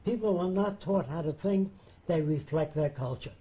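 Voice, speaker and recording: A man's voice: fairly high pitch, moderate pace, dark tone. An older man telling a story in conversation, plain-spoken and acting out what others said. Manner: plain-spoken, anecdotal, acts out quotes. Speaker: interviewee.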